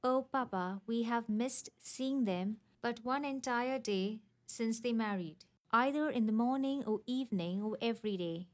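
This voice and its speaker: Sensible young heroine, firm but gentle, as a woman reads her. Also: fairly high pitch, unhurried, few pauses, lightly acted. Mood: earnest.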